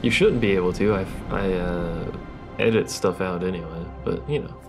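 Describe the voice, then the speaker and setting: A man's voice: low voice, moderate pace, over music. A man giving casual, wry commentary on his gameplay and reading the game's text aloud. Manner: wry, reads game text aloud between remarks. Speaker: let's play host.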